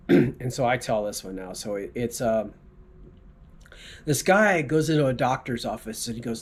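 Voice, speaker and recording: A man from South Texas, a tour driver, casually telling rambling jokes and stories and often clearing his throat. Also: mid-range voice, expressive, a little slow. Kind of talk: casual storytelling.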